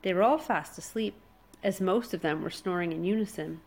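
A woman narrating a children's adventure storybook in a steady, expressive reading voice. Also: on the low side, normal speed, low-quality recording.

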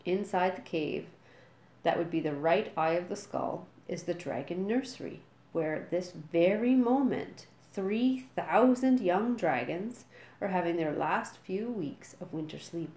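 Giant viking drill teacher yelling everything, a lady reading it out, storybook, echoey room. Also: fairly low pitch, a little slow. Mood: commanding. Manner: screaming orders. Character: giant bellowing one-eyed Viking man, drill instructor.

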